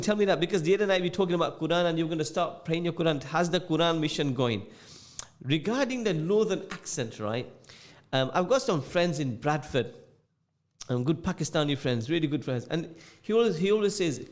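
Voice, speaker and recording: An animated, brisk radio host with a fairly high-pitched voice jokes and repeats phrases while reading out listener messages in casual chat. He is from England, with a blend of northern English and London accents, and speaks from a radio studio.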